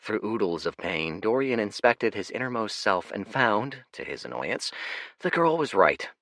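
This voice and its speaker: A man narrating an audiobook in a dramatic, expressive storytelling manner. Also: lowish voice, moderate pace, no echo, clean studio sound. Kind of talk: scripted narration.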